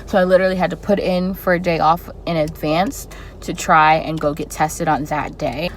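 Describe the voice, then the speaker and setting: A young woman telling a personal story in a casual vlog, animated and expressive with dramatic reactions. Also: sits low, moderate pace, a little hiss or hum, poor audio. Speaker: flight attendant vlogger.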